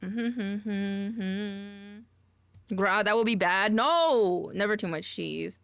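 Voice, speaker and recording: A woman's voice: mid-range voice, very slow, gravelly, a bit bright, clear, resonant tone, no room sound. A woman streamer chatting casually, goofy and exclamatory, often swearing and trailing off mid-sentence. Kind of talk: casual live-stream chat.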